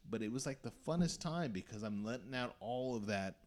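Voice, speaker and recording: A young man hosting a podcast, telling stories in a casual, animated way and swearing often. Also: mid-range voice, fairly quick. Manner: swears a lot, animated storytelling. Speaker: podcast host.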